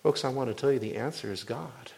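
A man preaching a sermon as pastor. He moves from quiet storytelling to loud, fervent preaching, often breaking off and restarting a phrase. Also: mid-range voice, fairly quick, vocal fry.

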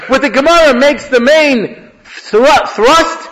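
A man's voice: extremely high pitch, slow, a bit bright, a little hiss or hum, low-quality recording. A man, a rabbi, giving a conversational Torah class, mixing Hebrew phrases into his teaching. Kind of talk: lecture-style Torah class.

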